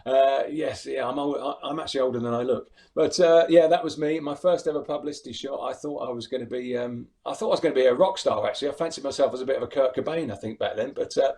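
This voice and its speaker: A man's voice: mid-range voice, fast, hardly any pauses, warm tone. A middle-aged English man chatting on a video call as an interview guest, laughing often and restarting his sentences. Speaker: impressionist guest. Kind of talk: casual interview chat.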